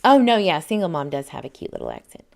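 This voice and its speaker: Low-voiced Southern woman hosting a livestream. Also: wildly swooping pitch, fast, creaky, a little mellow. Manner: chatty, reads viewer comments aloud, laughs often. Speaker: livestream host. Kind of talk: casual livestream chat.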